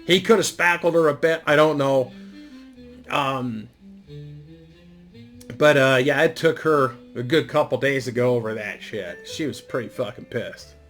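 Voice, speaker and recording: A man's voice: medium pitch, unhurried, long pauses, a bit bright, faint music behind. A middle-aged man telling a story in a casual monologue, rambling and profane, with lots of fillers. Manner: rambling, profane, laid-back delivery with frequent fillers. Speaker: YouTube storyteller.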